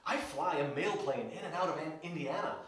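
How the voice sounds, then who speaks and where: A man's voice: fairly high pitch, brisk, fairly bright tone, a little hiss or hum, close to an everyday voice. Man playing a panicked small-plane pilot. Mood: anxious. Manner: urgent, anxious radio report. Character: panicked small-plane pilot, male adult, out of his depth. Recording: echoey room, mic far off.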